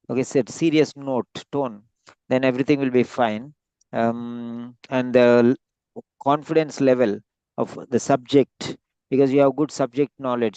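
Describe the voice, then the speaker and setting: A man coaching a student, giving rambling spoken feedback with many pauses, heard through dull lo-fi audio. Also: mid-range voice, a little mellow, clear, resonant tone, no echo. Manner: rambling, many fillers and restarts. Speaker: speaking coach. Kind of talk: spoken feedback on a practice exam.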